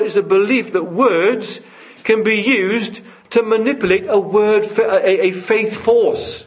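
A man's voice: high voice, unhurried, hardly any pauses. Male pastor, raised voice, earnest sermon, lo-fi capture. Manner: earnest, rising to fervent emphasis. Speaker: preacher. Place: church. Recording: dull lo-fi church recording.

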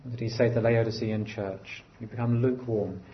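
A man delivers a sermon in an earnest voice of middle pitch. He lifts his voice for emphasis, then sinks to quiet, low phrases. The recording is a touch dull and muffled. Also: steady tone, fairly quick, a little hiss or hum. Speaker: preacher.

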